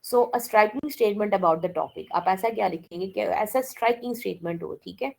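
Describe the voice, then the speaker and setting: A woman's voice: mid-range voice, very fast, gravelly, darkish tone, poor audio. A woman giving a classroom lecture, mixing languages and often checking with "okay?". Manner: code-switches and keeps checking with "okay?".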